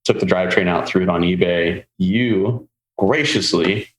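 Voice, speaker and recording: A man hosting a podcast, telling a long car story in a casual, animated way and acting out the people he quotes. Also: deep voice, moderate pace. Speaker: podcast host. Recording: roomy with faint ambient noise.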